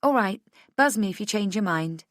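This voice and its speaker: A woman voicing a kind, caring female nurse in an audiobook, reassuring and brisk. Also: medium pitch, animated, no room sound, clean studio sound, voice pushed up, natural voice. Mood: kindly. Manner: bright, kindly reassuring. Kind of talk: audiobook dialogue.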